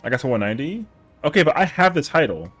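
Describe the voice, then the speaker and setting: A man's voice: fairly high pitch, sing-song, fast, a bit bright, slightly rough, faint music behind. A man streaming a game live, chatting casually with jokes, mock outrage and plenty of swearing. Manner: joking, profane, playfully indignant. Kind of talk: casual live-stream chat while gaming.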